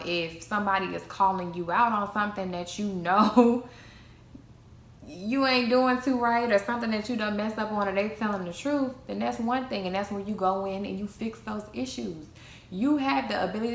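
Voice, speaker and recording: A young adult woman with a medium-pitched, creaky voice gives an emphatic motivational talk on self-esteem, repeating key phrases like a preacher. The motivational vlogger is recorded in an echoey room with faint noise.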